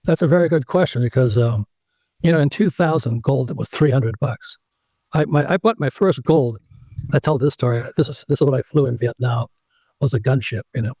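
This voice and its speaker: A man's voice: mid-range voice, brisk, husky, no echo. An older man, an interview guest, telling a long anecdote in casual conversation and acting out the people in it. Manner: animated anecdote teller who acts out the people in his stories.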